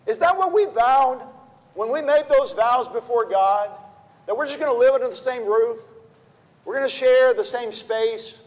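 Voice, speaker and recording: A man's voice: very high voice, animated, normal speed. A man preaching a sermon, earnest and full of rhetorical questions, often repeating words as he restarts a thought. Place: church sanctuary. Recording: long reverb of a church hall.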